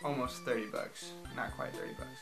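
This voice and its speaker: A man's voice: medium pitch, very animated, fairly quick, poor audio. A young man casually recapping his day on tour, chatty and laughing between sentences. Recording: music playing underneath.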